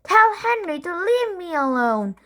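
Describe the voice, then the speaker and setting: A woman's voice: animated, takes it slowly, pushed and bright, heavily acted. A woman voicing a goody-goody little boy who whines and tells on his brother. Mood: tattling. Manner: high, telling-on whine.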